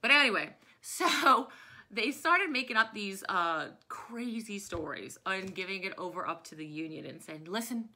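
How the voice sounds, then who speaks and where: A woman's voice: mid-range voice, lively intonation, normal speed, pushed and bright. A woman in her thirties from New Orleans, teaching a history lesson in a chatty, digressive storytelling way. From New Orleans, USA. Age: 30s.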